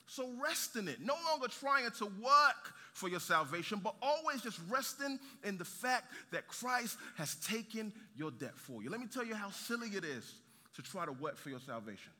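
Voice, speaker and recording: A man preaching a sermon, lively, with rhetorical questions and light humor. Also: sits high. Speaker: pastor. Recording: reverberant hall.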